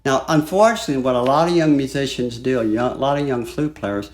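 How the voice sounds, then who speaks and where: Guy giving a flute lesson, laid back and chatty, sings bits of the tune, mid-pitched voice. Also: fast. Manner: relaxed, chatty explaining, sings phrases aloud. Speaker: flute teacher. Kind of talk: music lesson. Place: home studio.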